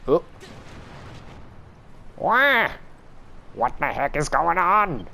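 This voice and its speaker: Wry gamer with lively pitch. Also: unhurried. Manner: wry, laughing asides. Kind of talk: casual let's-play commentary.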